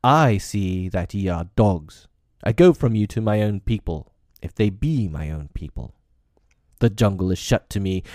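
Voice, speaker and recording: A man's voice: fairly low pitch, mellow, dry recording, clean studio sound, close to an everyday voice. A man voicing a defiant young man-cub raised by wolves, with commanding, old-fashioned speech, in an audiobook reading.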